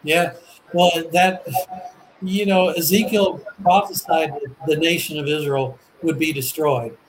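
A man with a high voice talks through scripture in easy conversation. He is earnest and eager and often trips over and repeats his words. Faint background noise sits under the voice. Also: steady tone, measured pace. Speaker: Bible teacher. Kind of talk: casual religious discussion.

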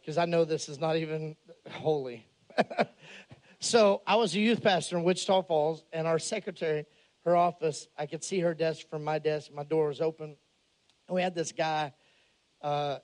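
A man preaching a humorous storytelling sermon, animated and joking, shouting some lines for emphasis. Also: on the high side. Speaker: pastor.

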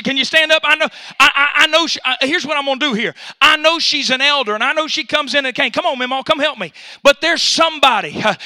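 A male pastor preaching a sermon in a church, punctuating phrases with 'uh' and building up to shouting. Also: very high-pitched, moderate pace. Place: church sanctuary during a service.

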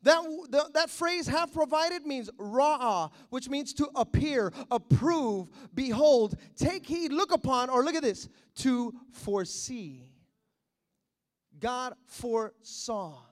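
A preacher with a notably high, lively voice delivers a sermon. He swings from near whispers to bursts of shouting, acting out little dialogues as he goes. He sounds middle-aged. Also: slow. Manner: preaching with sudden shouts and acted-out quotes. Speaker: pastor.

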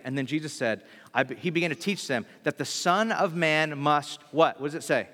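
A man preaching a sermon in a casual, animated way, full of slang and fillers. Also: fairly high pitch, moderate pace. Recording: long hall reverb.

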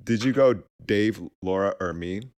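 A man's voice: lowish voice, unhurried, a little mellow. A man co-hosting a podcast in casual chat, who breaks into giggles mid-sentence. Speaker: podcast co-host.

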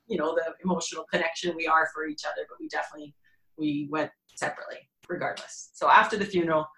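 A woman in her forties from Alberta, Canada, appears as a podcast guest and tells a personal story candidly and with animation, laughing between heavy moments. Her voice is on the low side, and the recording quality is poor.

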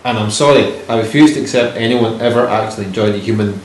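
A man's voice: fairly low pitch, fast talker. A man co-hosting a podcast in casual chat, rambling, joking and swearing. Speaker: podcast co-host. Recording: roomy room with faint noise.

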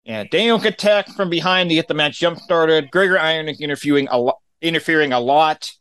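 A man's voice: a little high, fast, fairly bright tone, smooth, dry recording. A man casually recapping a wrestling show on a podcast, giving dry, matter-of-fact play-by-play with his own opinions.

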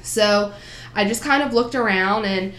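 A woman's voice: mid-range voice, a little slow, a bit bright, roomy sound. A woman in her twenties with a New Jersey accent, a podcast guest telling her story in an earnest, upbeat way. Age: 20s. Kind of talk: casual chat.

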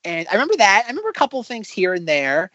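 A man in his thirties talks in a bright, high register that leaps up and down as he rambles through casual podcast chat, piling on fillers as he goes. The sound is dry and a little dull, like close, lo-fi podcast audio. It stays loose and chatty throughout. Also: racing, dry recording. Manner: animated, rambling with many "like" fillers. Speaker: podcast co-host.

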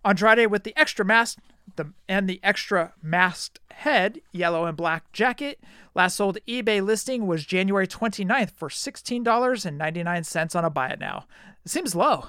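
A man's voice: sits high, expressive, moderate pace, pushed and bright, clear, resonant tone, no echo, studio quality. A man hosting a casual podcast chat, reading listings in a matter-of-fact way and teasing his co-host.

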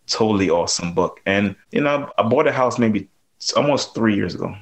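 A man's voice: on the low side, lively intonation, brisk, creaky. A man with a Jamaican accent, a plumber and landlord, talking loosely with lots of fillers as a podcast guest. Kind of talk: casual podcast interview.

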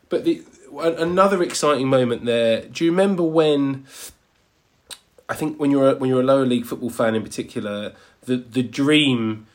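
A man in casual conversation, searching for his words with many false starts. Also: mid-range voice. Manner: halting, searches for words, then bursts into excitement. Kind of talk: casual chat.

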